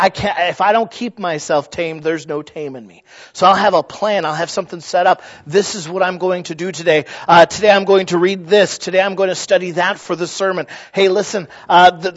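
High-voiced pastor preaching animatedly. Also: male voice, muffled recording. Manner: lively storytelling with frequent restarts and asides. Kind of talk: sermon. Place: church sanctuary.

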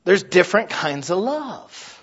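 A man in his thirties preaching a sermon, animated and acting out little scenes in other voices. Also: high-pitched, a little slow, slightly rough, dull audio. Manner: animated, mimics voices for illustrations. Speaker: pastor.

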